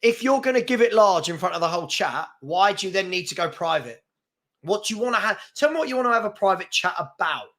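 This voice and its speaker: A man's voice: high-pitched, lively intonation, fast, sharp tone. A man hosting a live fan chat show, chatty and brash as he reads comments and takes on trolls. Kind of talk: casual live-stream chat reading comments.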